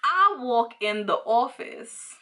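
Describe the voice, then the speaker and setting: A young woman from New York tells a story in a bright, crisp voice. She rambles casually, packing in fillers and slang, and circles back to correct herself. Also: a little high, expressive, slow. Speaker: vlogger.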